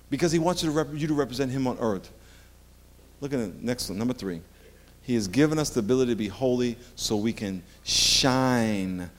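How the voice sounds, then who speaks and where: A middle-aged man preaching a sermon as pastor, a playful storyteller who jokes with the congregation. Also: mid-range voice.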